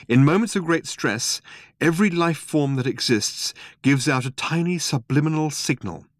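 Expressive man reading a story aloud. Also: medium pitch, dry recording, clean studio sound. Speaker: narrator. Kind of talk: audiobook narration.

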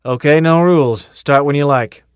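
A man's voice: fairly high pitch, normal speed, smooth, no room sound, studio quality, voice pushed up, natural voice. A man voicing a tough, cocky male drill sergeant who barks and taunts his recruits in an audiobook. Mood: taunting. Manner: barking, taunting commands.

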